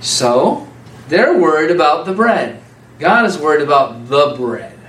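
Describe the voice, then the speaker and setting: A man preaching an informal, conversational sermon, animated and laughing often as a small group answers him. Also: on the high side, unhurried, a little hiss or hum. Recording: echoey room from far off.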